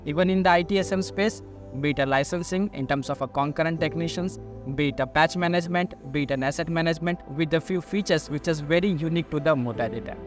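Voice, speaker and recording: A man with a fairly high voice answers interview questions as a sales manager. He explains at length, stringing lists of items together with "so". Soft music plays quietly underneath. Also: fast. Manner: explanatory, long listing sentences strung with "so".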